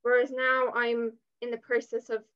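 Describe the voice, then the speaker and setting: A young English woman in her twenties, a guest on an interview, speaking softly and hesitantly with many fillers. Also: on the high side, completely flat delivery, normal speed, clear, resonant tone. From England. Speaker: guest content creator. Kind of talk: casual interview chat. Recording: dull lo-fi sound.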